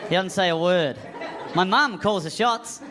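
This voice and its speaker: High-voiced Australian comic, roaring crowd. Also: male voice, unhurried. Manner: self-deprecating storytelling, shouting punchlines. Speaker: stand-up comedian. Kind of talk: stand-up comedy set. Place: comedy club stage. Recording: live club recording, crowd noise. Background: laughing audience.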